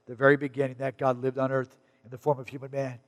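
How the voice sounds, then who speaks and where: Animated pastor preaching in a reverberant hall. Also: male voice, fast talker. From Arizona, USA. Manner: conversational, animated preaching with sudden loud high bursts. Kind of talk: sermon. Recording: long reverb of a large hall.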